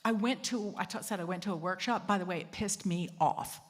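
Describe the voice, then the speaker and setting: A host of a secular assembly talks a little fast in a lowish voice, her words carrying the sound of a big room. Chatty and self-deprecating, she acts out the lines she quotes.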